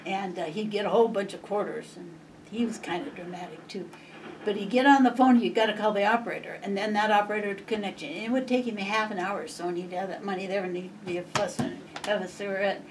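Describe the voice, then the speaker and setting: A woman's voice: medium pitch, quick pace. Older Montana woman reminiscing. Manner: lively, chuckling reminiscence with acted quotes. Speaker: interviewee. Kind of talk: oral history storytelling. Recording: distant mic, faint noise.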